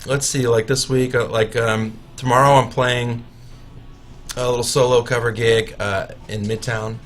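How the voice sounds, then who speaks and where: Man, musician guest, casual radio chat, self-mocking, halting, faint guitar behind. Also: medium pitch, level tone. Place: radio studio.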